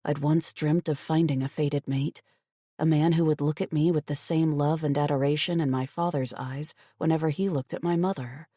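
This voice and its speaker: Woman, first-person audiobook narration, wry and expressive, close mic, dead-dry room. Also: sits low, moderate pace, no room sound.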